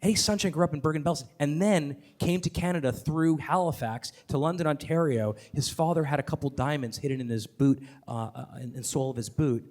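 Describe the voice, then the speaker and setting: A man talking onstage as a podcast host, enthusiastic and rapid, with many fillers, restarts and the odd swear word. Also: fairly high pitch, darkish tone. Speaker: podcast host and guest speaker. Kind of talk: live onstage conversation.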